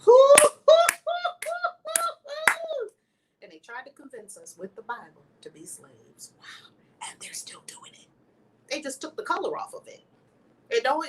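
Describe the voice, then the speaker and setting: A woman hosting a spiritual channel, teaching with emphatic, preacher-like energy that swings between loud exclamations and hushed whispers. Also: fairly high pitch. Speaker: host of a spiritual video channel. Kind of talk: impassioned spiritual teaching to camera. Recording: somewhat distant mic with faint background noise.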